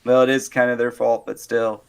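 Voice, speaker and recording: Man, podcast co-host, casual banter, jokey, mid-pitched voice. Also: flat delivery, normal speed, vocal fry, clear, resonant tone. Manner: jokey, laughs often, mimics people in quotes. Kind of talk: casual chat.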